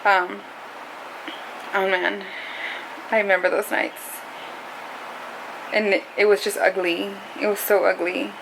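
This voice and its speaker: Talking to camera in a casual confessional vlog, this young adult woman rambles and leans heavily on "like." Her mid-range voice is flat, slow, and creaky, with long pauses and background noise behind it.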